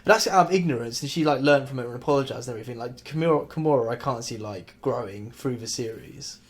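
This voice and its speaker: A man hosting a casual chat, talking in a relaxed, giggly way with lots of fillers. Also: medium pitch, fast talker. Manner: chatty, giggly, with many fillers. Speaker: host.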